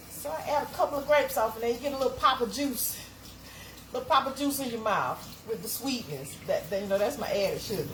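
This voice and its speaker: A woman's voice: lowish voice, background noise. A woman hosting a casual live-stream chat from her kitchen, folksy and chatty, talking straight to her viewers.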